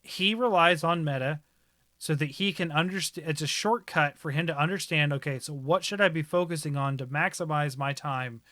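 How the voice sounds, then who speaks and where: A man hosts a casual talk stream. His voice is bright and a bit higher, with a dry close sound, and he picks his words with care. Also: moderate pace, no room sound. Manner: thoughtful, rephrases himself. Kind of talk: casual chat.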